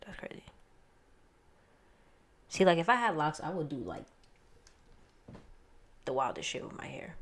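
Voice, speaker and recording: A young woman chatting casually as she reacts to an album, slangy, laughing often and trailing off into quiet asides. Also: low voice, creaky. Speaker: music reaction host.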